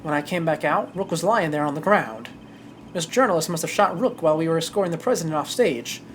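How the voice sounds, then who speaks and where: A streamer voicing a precise, composed male prosecutor with measured, formal delivery while reading a game aloud. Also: medium pitch, lively intonation, a little hiss or hum, close to an everyday voice.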